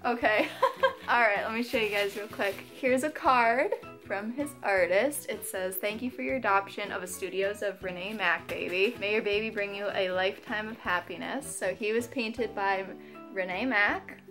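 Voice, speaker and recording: A young woman vlogger chatting casually through an unboxing, gushing with excited squeals and gasps. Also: medium pitch, normal speed, soft background music.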